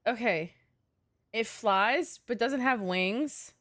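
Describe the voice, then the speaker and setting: A young woman live streaming a video game, excitable, laughing often and pleading with her chat. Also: on the high side, takes it slowly.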